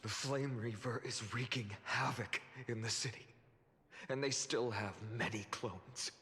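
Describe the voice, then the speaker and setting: A man voicing an earnest, duty-bound young lord in a game cutscene, giving solemn, measured commands. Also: mid-range voice, fairly even intonation, bright, forceful tone, big-room sound, slight background noise.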